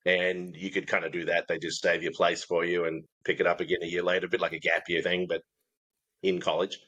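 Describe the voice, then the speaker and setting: A man's voice: completely flat delivery, a little fast, fairly bright tone, highs cut off. A middle-aged man with an Australian accent that drifts toward American, telling stories as an interview guest. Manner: storytelling, acts out past quotes in a higher voice. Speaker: guest, camp ministry leader. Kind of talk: casual conversational interview.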